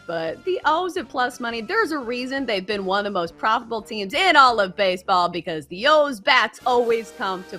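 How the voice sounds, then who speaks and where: Chatty Southern woman with a bright voice. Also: mid-range voice. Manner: chatty and self-deprecating, slower Southern drawl. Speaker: sports betting host. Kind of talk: casual betting picks.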